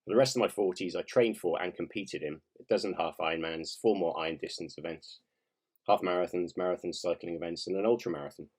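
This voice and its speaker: A man's voice: low voice, quick pace, a little mellow. A man in his fifties, an author reading his own nonfiction aloud in a wry, self-mocking way with casual swearing. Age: 50s.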